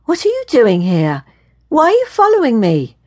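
Female narrator as the heroine: irritated, sharp, exasperated, voice pitched up and forceful. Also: animated, drawn-out words, heavily acted. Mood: irritated, fed up. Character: irritated young woman fending off a stranger.

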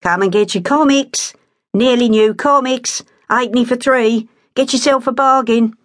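A woman's voice: fairly high pitch, normal speed, pitched above the performer's own voice, lightly acted. A woman doing a cocky boy hawker. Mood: hawking. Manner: calling out loudly, cocky. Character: bold young boy market hawker.

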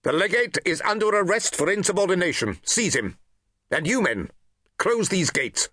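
A man's voice: sits high, very animated, very slow, bright, forceful tone, breathy edge, no echo, clean studio sound, pitched above the performer's own voice, full character voice. A man voicing an arrogant Praetorian commander who gives curt, authoritative orders. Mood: commanding.

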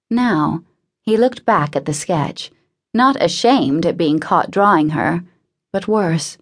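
Measured woman narrating. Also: lowish voice. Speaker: audiobook narrator. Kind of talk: scripted narration.

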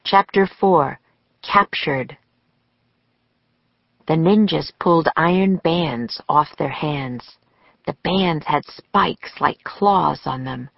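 Brief: woman narrator for a kids' audiobook, low and slow, dry slightly dull studio recording. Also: gravelly, no echo. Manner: slow, deliberate storytelling. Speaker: author and narrator.

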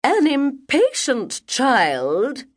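A woman voicing a shrill, sanctimonious guardian. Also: huge pitch swings, full character voice. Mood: reproving. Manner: shrill, preachy, slow and deliberate. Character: prim, sanctimonious woman guardian scolding a child. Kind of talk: audiobook character reading.

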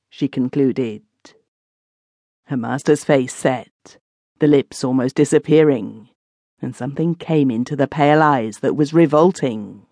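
A woman narrating an audiobook in a measured, expressive storytelling manner. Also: extremely low pitch, no room sound. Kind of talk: scripted narration.

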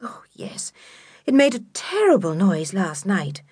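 A woman voicing a gentle, fussing mother in a children's audiobook, speaking softly and soothingly. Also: mid-range voice, sing-song, unhurried, husky, no room sound, studio quality. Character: kind, anxious mother Aunt Fanny, gentle and fussing.

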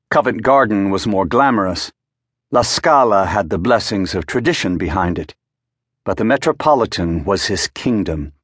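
Male audiobook narrator, lowish voice, dry close studio sound, measured wry delivery. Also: no echo. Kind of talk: scripted narration. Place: recording studio.

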